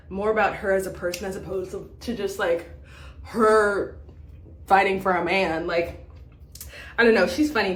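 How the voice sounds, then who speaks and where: A young woman chatting casually as a vlogger, full of fillers and quick laughs. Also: medium pitch, slight background noise. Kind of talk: casual chat about a reality show. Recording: echoey room.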